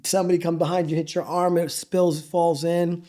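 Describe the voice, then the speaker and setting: Animated man telling kitchen stories. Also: a little high, normal speed. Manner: animated storyteller who acts out quotes, swears freely. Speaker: chef and restaurant owner, guest. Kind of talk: casual storytelling interview.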